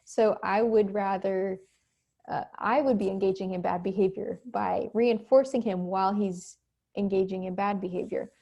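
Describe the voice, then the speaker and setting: A woman teaching an online class from home, talking casually and acting out quick examples. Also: medium pitch, fairly even intonation, gravelly, dark tone, dull audio. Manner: conversational, acts out quick examples. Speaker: instructor. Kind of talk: recorded online lecture. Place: home, cat nearby.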